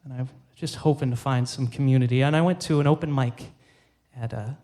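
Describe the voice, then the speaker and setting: The band's violinist, a man, briskly tells an animated story into a stage microphone on a theater stage during a live concert. He acts out scenes with sudden jumps in pitch.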